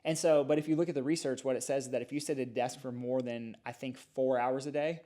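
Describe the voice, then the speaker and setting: A middle-aged chiropractor, appearing as a guest on a casual podcast interview, explains things and tells stories in a lively, animated way. His voice is medium-pitched and fast.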